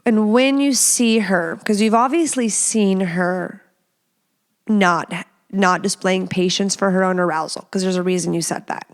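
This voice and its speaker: A woman's voice: medium pitch, a little slow. A young woman hosting a podcast, giving casual advice in a chatty, playful way with many fillers. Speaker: podcast host.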